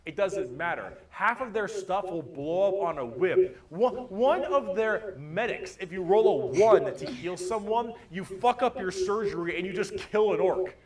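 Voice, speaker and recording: A man's voice: high voice, animated, unhurried, few pauses. A man giving a casual, profane, jokey explainer in a rambling way. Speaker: video explainer.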